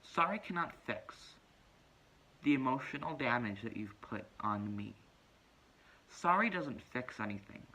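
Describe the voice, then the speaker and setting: A man's voice: mid-range voice, a little slow, poor audio. A man playing a self-righteous, preachy young woman who tells her story in a pompous, lecturing comedic monologue. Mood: indignant. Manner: pompous, lecturing, deadpan self-important delivery.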